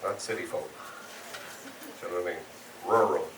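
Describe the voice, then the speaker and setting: A man's voice: low voice, brisk. A young man from the west of Ireland with a West of Ireland accent, doing a sweary, chatty stand-up set and teasing the crowd. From Galway, west of Ireland. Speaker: stand-up comedian. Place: comedy club stage. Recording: echoey club, far mic, crowd noise.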